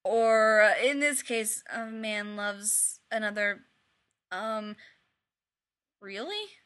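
A woman's voice: mid-range voice, extremely slow, a bit bright. A woman voicing an easygoing teenage jock boy who pleads and coaxes in a casual way. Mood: wheedling.

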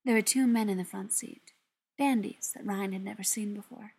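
A woman narrates a story in an even, steady way, her voice breathy and husky. Her pitch sits in the middle of the usual range for a woman. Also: moderate pace. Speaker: audiobook narrator. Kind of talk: scripted narration.

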